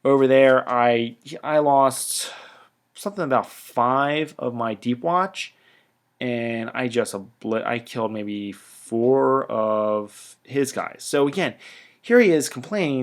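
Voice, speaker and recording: A man giving a casual battle report on a tabletop wargame. His voice sits at an ordinary middle pitch. He talks in chatty stop-start bursts and drifts into trailing asides. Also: slow pace.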